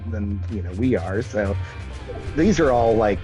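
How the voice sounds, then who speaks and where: A man's voice: fairly low pitch, lively intonation, unhurried, dark tone, soft background music, rough recording. A man in his thirties telling a self-deprecating story on a live stream, full of fillers and restarts. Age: 30s. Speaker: gaming streamer.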